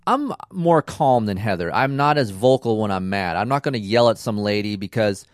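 A middle-aged man hosting a podcast, telling a rambling racing story in a casual, animated way and acting out the dialogue. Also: on the low side, normal speed, no echo, clean studio sound. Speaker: podcast host and racing dad.

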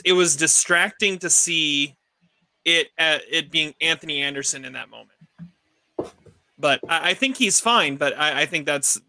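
Man, podcast host, casual movie chat, halting, repeats words, dry close sound. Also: fairly high pitch, pushed and bright, no room sound.

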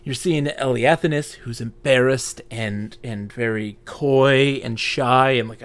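A man co-hosting a podcast, casually retelling a fantasy novel in an animated way with many fillers. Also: mid-range voice, measured pace. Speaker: podcast co-host. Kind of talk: casual book discussion.

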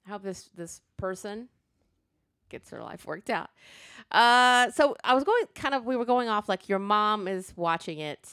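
A woman's voice: medium pitch, expressive, unhurried, a bit bright, smooth, dry recording, studio quality. A woman hosting a podcast, telling rambling stories in casual chat and laughing often. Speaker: podcast host. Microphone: podcast mic.

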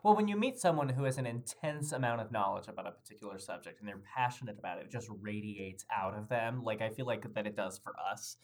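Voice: mid-range voice, animated, fast talker, hardly any pauses, a little mellow. A podcast co-host chatting casually, rambling and joking with frequent laughs. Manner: rambling, laughs often, jokey. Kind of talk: casual chat.

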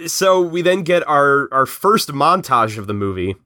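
A man recapping a film in casual podcast chat, telling it in an animated way and slipping into quick voices for the characters. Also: fairly high pitch, no echo, studio quality.

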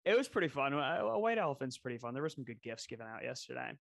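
A young man chatting casually as a podcast co-host, telling stories with lively voice impressions. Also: fast talker, vocal fry, no room sound, clean studio sound. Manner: animated storyteller, mimics voices with big pitch jumps. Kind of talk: casual chat.

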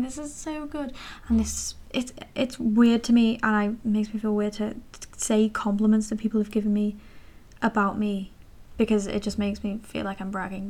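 A woman's voice: mid-range voice, a little mellow. A nineteen-year-old woman rambling casually to camera as a vlogger, chatty and self-deprecating with many fillers and asides.

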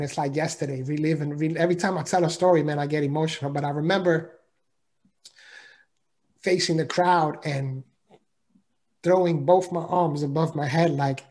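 A man's voice: fairly high pitch, darkish tone. A man telling a personal story as an interview guest, earnest and emphatic, in a casual way of talking.

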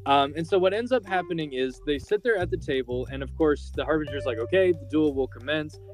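Over soft background music, a podcast host recaps a film's plot in a rambling, filler-heavy way. His voice is fairly high, expressive and quick.

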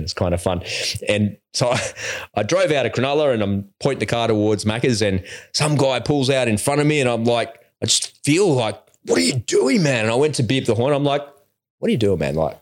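Australian man, podcast host, middle-aged, slightly low voice, relaxed, laughs a lot, casual chat. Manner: laid-back, laughs often, slangy.

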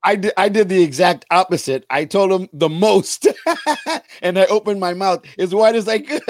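A man's voice: high voice, expressive, normal speed, no echo. Self-mocking man, dry close sound. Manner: laughing, self-mocking storyteller. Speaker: guest. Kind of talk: casual storytelling chat.

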